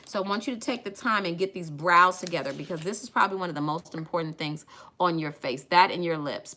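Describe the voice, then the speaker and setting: Woman, middle-aged, chatty live makeup-tutorial host; low-ish, bright, punchy voice. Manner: chatty, addresses viewers as y'all and ladies. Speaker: makeup brand owner streaming a tutorial.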